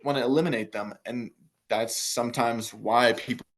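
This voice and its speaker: A man's voice: medium pitch, fairly even intonation, normal speed. A young man giving a casual, motivational coaching talk on a business call, full of fillers and repetition.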